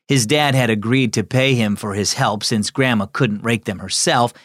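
A man hosting a children's devotional program, reading scripted narration in a friendly, clear, measured way. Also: mid-range voice, a bit bright, no echo, studio quality.

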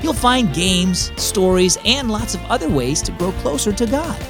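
A man's voice: high-pitched, lively intonation, moderate pace, vocal fry, over music. A man hosting a children's devotional program, upbeat and speaking directly to kids in scripted narration. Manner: upbeat, friendly, kid-directed.

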